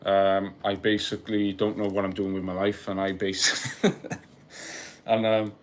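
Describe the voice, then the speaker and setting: A man's voice: sits low, little pitch movement, unhurried, slight background noise. A young Welsh man hosting a casual live stream, chatting and joking with viewers, laughing often and rambling through asides. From Wales. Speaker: livestream host. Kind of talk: casual live-stream chat reading comments.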